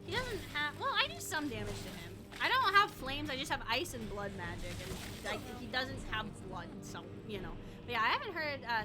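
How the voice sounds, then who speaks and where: A young woman streaming a game, chatting casually with viewers, swearing and laughing often. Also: high voice. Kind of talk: casual gaming stream chat.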